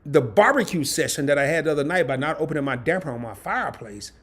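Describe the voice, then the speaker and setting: Animated husky-voiced man telling a story. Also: fairly high pitch, fast talker. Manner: animated, laughing, talks colloquially. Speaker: host of a travel and credit card channel. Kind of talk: casual live-stream storytelling. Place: home.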